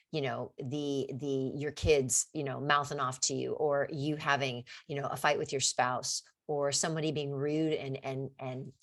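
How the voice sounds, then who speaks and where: Low-voiced woman hosting a podcast. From California. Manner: earnest and encouraging, frequent restarts. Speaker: podcast host. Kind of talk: casual podcast Q&A.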